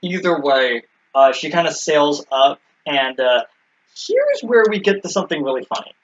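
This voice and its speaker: A man's voice: a little high, big pitch swings, moderate pace. A man co-hosting a casual recap chat, explaining things with many ums and restarts. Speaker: podcast co-host. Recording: dull lo-fi recording.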